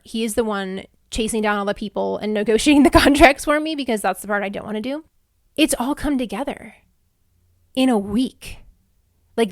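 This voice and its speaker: A woman's voice: a little high, no room sound, studio quality. A woman in her thirties hosting a casual solo podcast, chatty and heartfelt, with lots of "like" fillers. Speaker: podcast host. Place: Houston, Texas.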